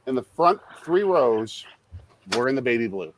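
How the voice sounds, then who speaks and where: A middle-aged man hosting a casual live-stream chat, a father who talks through a baseball game with quick excitable outbursts. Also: mid-range voice, a little hiss or hum. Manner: animated, excitable, jumps into loud outbursts. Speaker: podcast host and father.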